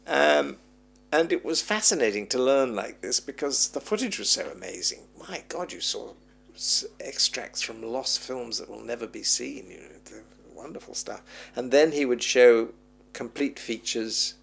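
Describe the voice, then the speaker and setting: A man's voice: medium pitch, moderate pace, gravelly, slightly rough. A man being interviewed as a film historian, reminiscing at length and acting out the voices of people he quotes. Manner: animated storyteller who acts out quoted voices.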